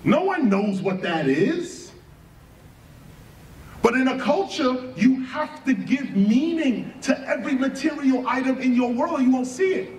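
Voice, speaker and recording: A man's voice: very high-pitched, sing-song, measured pace, a little mellow. A man giving a rhetorical lecture, firing questions at the listener and spelling words out letter by letter. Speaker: speaker giving a talk. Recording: echoey room, far from mic, faint ambient noise.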